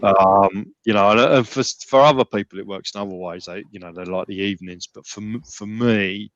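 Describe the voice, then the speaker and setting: A man's voice: lowish voice, fairly even intonation, a little fast, a bit bright, no echo, dull audio. A man talking casually as a podcast guest, rambling with many restarts and fillers. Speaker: gym member guest.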